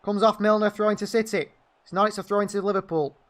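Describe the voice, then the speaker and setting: A man's voice: high voice, steady tone, fast talker, fairly bright tone. A man giving partisan live fan commentary on a football match, calling the play and venting at the referee. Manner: partisan, indignant outbursts at the referee.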